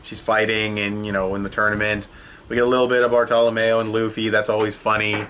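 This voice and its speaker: A man's voice: lowish voice, level tone, fast, fairly bright tone, slight background noise. A young man giving a casual, rambling video review, peppered with swearing and fillers. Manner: rambling and profane, with many fillers. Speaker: anime episode reviewer.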